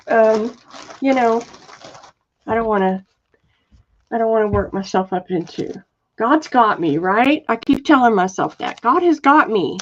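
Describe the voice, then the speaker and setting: A soft-spoken woman chats her way through a live sale, pausing on fillers as she reads out viewer comments. She talks slowly, in a slightly high voice. The audio is dull and lo-fi, like a home livestream. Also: slight background noise. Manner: chatty, warm-hearted, reads viewer comments aloud. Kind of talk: casual live selling chat.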